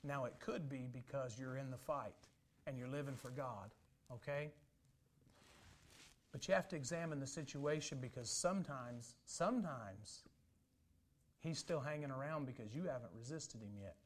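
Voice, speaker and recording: A man preaching a sermon as pastor, folksy and humorous, building to loud emphatic runs. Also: medium pitch, normal speed. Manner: humorous storytelling asides.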